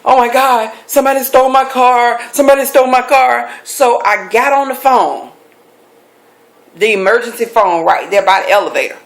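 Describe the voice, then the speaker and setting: A middle-aged woman, a life coach, telling a personal story with animated, emphatic delivery, repeating key phrases for effect. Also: mid-range voice. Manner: animated, acts out quoted voices; emphatic repetition.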